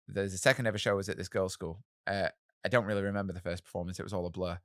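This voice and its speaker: Interview guest: man, animated and candid, dry close-miked voice. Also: deep voice, very fast, dry recording. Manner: candid, self-mocking, animated storytelling with many fillers. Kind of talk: storytelling in a podcast interview.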